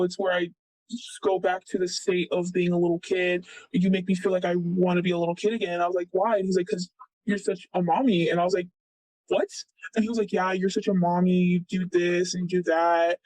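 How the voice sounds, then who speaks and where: In a casual retelling, a young man in his late teens tells an interviewer a personal story, rambling loosely and leaning heavily on "like" and "blah blah." His voice is high-pitched and a little mellow, with a level tone and a brisk pace. There's no echo, but the recording quality is low.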